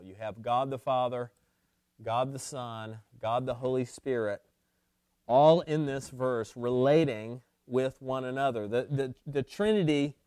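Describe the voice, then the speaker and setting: A man's voice: medium pitch, a little mellow, clean tone, no echo, studio quality. A man preaching a sermon to his congregation, pressing points home by repeating key phrases, with frequent restarts. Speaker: pastor.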